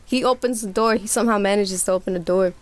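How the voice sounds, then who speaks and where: A woman's voice: medium pitch, fast. Slangy young woman telling a wild story. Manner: animated storytelling with voiced quotes, slangy and profane. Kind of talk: casual chat.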